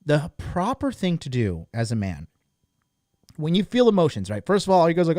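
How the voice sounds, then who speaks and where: A man's voice: a little high, fairly quick, dry recording, studio quality. A man in his thirties hosting a podcast, talking casually, bluntly and with lots of swearing and filler words. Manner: blunt and profane, full of "like" fillers; animated and emphatic. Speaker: podcast host. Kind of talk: casual monologue promoting a course.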